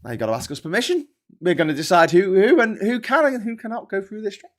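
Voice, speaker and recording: Sweary sarcastic British man, high voice. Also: lively intonation, fast. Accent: British English. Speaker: host. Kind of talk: casual political commentary.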